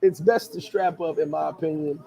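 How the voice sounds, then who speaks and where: A man, chatting casually as a vlogger, reading viewer comments and telling stories in an animated, laughing, slangy way. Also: a little high, moderate pace, creaky, rough recording. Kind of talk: casual chat.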